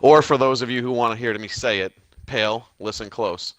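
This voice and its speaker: A man's voice: mid-range voice, fairly quick, fairly bright tone, dry recording. A man hosting a casual podcast chat, loose and profane, laughing often, with a mostly hidden Boston accent. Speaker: podcast host.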